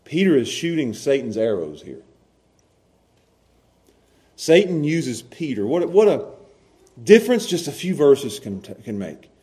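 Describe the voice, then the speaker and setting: A man preaching a sermon as pastor, animated, swinging from loud to hushed and laughing often. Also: mid-range voice, measured pace, long pauses.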